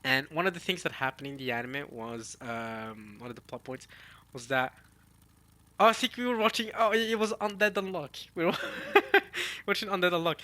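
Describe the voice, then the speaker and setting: A man with a bright, forceful voice reacts casually to a manga chapter. He talks straight to his viewers and thinks out loud as he goes. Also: mid-range voice. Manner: chatty, addresses viewers as y'all, muses aloud. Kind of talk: casual reading and reaction chat.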